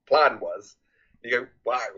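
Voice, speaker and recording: A man's voice: medium pitch, expressive, slow pace, sharp tone, dull audio. A man co-hosting a casual film review podcast, rambling with many restarts and swearing freely. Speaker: podcast co-host.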